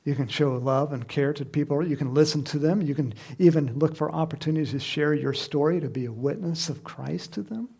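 A man preaching a sermon as pastor, lively and chatty, laughing often and acting out the voices of people in the story. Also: fairly high pitch, brisk, vocal fry, few pauses, breathy edge. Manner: lively, acts out quoted voices with sudden loud cries and laughs.

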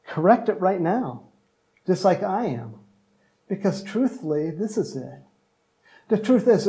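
A man's voice: high voice, warm tone, poor audio. A man preaching a sermon in a conversational style, mixing jokes and asides with earnest appeals. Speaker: pastor.

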